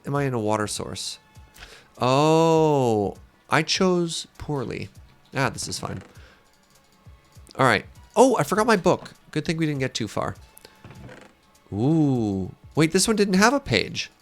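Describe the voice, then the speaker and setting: A man's voice: mid-range voice, big pitch swings, moderate pace, pauses often. A man live-streaming a game, chatting casually with viewers in a joking, self-deprecating way, with faint game music behind him. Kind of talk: casual live-stream chat while gaming.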